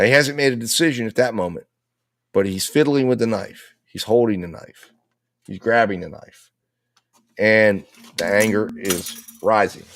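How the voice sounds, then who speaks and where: A man commenting on a live trial, laying out and arguing with the other side's case in a repetitive, persuasive way. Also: fairly low pitch. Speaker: legal commentator.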